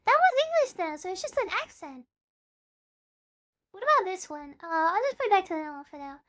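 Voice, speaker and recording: A woman's voice: extremely high pitch, big pitch swings, brisk, a bit bright. A woman VTuber chatting casually on a live stream, bubbly and talkative, dropping playful meows between sentences.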